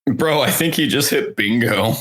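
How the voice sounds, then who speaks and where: A man's voice: medium pitch, moderate pace, a bit bright. A man co-hosting a podcast, chatting casually and cracking jokes. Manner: jokey, does mocking impressions. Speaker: podcast co-host. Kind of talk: casual chat.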